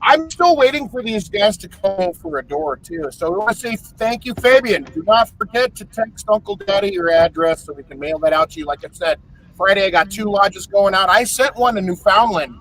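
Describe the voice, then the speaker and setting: A man co-hosting a podcast in casual chat, joking and rambling with sudden loud bursts. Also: sits high, expressive, brisk, low-quality recording. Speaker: podcast co-host.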